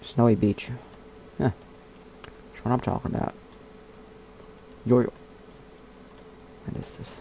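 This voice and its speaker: Man, low dark gravelly voice, drawling, muttering gameplay commentary, faint hiss. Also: level tone. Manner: puts on a slow, low, gravelly character voice; mutters and whispers to himself, talks to animals. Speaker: gamer. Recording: dull lo-fi mic with faint hiss.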